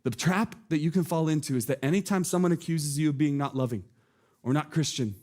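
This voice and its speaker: A man's voice: fairly high pitch, a little fast, darkish tone. A man preaching a sermon from a church stage, earnest and conversational, asking the congregation questions. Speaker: pastor.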